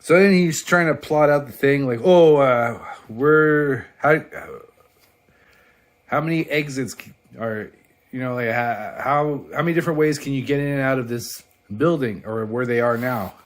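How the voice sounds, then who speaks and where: A man casually reviewing a comic book on his vlog, excitable and profane, laughing often as he flips through pages. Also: medium pitch, moderate pace.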